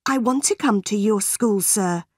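A woman's voice: medium pitch, unhurried, a little mellow, breathy edge, no room sound, studio quality. A woman doing a defiant young orphan girl. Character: defiant ten-year-old orphan girl.

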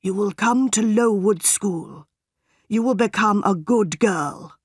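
A woman doing a slow, stern schoolmaster. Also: medium pitch, slightly rough, dry recording, studio quality. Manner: slow, solemn, lecturing. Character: stern cruel tall male schoolmaster.

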